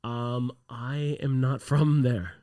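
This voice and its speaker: Canadian dude on a podcast, swears a lot, storytelling, dry close mic. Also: male voice, mid-range voice, slow, no room sound. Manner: profane, animated storytelling. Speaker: podcast co-host. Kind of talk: casual chat.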